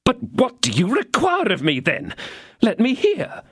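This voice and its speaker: A man's voice: very high-pitched, huge pitch swings, measured pace, slightly rough, no room sound, studio quality, pitched above the performer's own voice, exaggerated voice. A man doing a pompous, greedy old mercer. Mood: alarmed. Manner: pompous, parroting grand phrases. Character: middle-aged mercer, greedy, cowardly, pompous.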